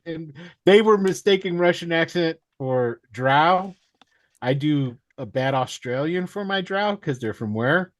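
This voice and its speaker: A man's voice: on the high side, a little slow, no echo. Guy rambling thru a dm story with laughs, dry close sound. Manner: rambling, self-deprecating, laughs while telling stories. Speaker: dungeon master. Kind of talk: casual chat.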